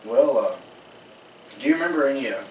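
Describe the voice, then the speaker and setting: A man's voice: mid-range voice, lively intonation, brisk, a little mellow. A young man interviewing a veteran, polite and brief, answering with "yes, sir". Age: young adult. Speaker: student interviewer. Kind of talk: interview questions. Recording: echoey room, distant mic, faint noise.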